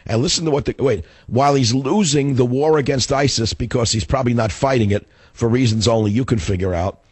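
A middle-aged man hosting a radio talk show, hoarse as his voice gives out, ranting in a fiery, combative way. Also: mid-range voice, fairly quick, a little mellow, no echo. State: hoarse, voice going.

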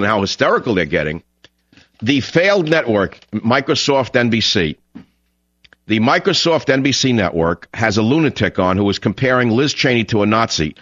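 A man hosting a talk radio show, ranting and mocking in a monologue that swings between shouting and muttering. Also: medium pitch, no room sound. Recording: dull lo-fi radio broadcast.

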